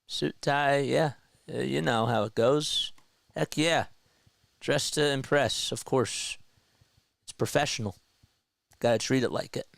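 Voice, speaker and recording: A young man calling a baseball game play-by-play on his own stream, chatting with viewers between pitches. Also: creaky, fairly bright tone, no room sound. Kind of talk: casual live play-by-play commentary.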